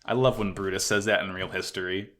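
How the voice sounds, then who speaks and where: Excitable, profane male podcast co-host. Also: deep voice, fast. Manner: profane, excitable, voices characters loosely. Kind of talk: casual anime recap chat.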